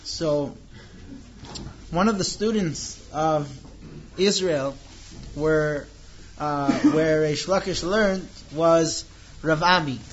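A man telling a teaching story in an informal lesson, animated and acting out the characters' lines. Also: a little high, very slow, long pauses, highs cut off, a little hiss or hum.

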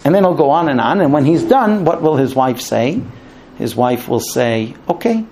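Animated man teaching a marriage class. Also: medium pitch, moderate pace, slight background noise. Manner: animated, acts out both sides of dialogues. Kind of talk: lecture to a class.

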